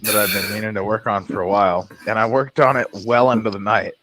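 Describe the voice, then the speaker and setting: Low-voiced man, loose laughing chat. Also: fairly even intonation, fast talker, fairly bright tone, rough recording. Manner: loose, profane, laughs often. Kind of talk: casual chat.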